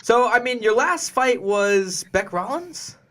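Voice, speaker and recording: A man's voice: very high voice, lively intonation, takes it slowly, a bit bright. A man hosting a podcast, interviewing a guest in a playful, joking way. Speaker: podcast host.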